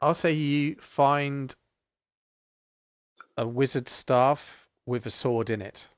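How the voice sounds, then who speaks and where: Give me a male game master narrating at an unhurried pace, close and dry. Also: mid-range voice, no echo.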